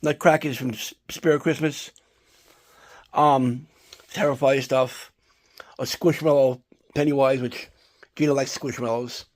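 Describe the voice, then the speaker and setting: A man's voice: medium pitch, unhurried, long pauses. A man from New Jersey telling a long, rambling story about his holiday routine, swearing often and getting worked up. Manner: rambling, profane, animated when annoyed. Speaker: collector vlogger. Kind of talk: casual chat, storytelling.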